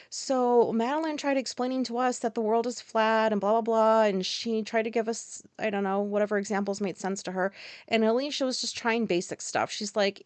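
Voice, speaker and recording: A woman's voice: medium pitch, normal speed, no room sound. An American woman hosting a podcast, telling a rambling personal story in a frank, casual way with lots of fillers and swearing. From United States. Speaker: podcast host.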